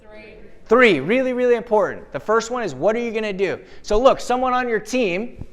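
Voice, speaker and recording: A man giving a live motivational keynote at an event, talking in a punchy, energetic way and firing rhetorical questions at the crowd. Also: sits high, moderate pace. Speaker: motivational speaker.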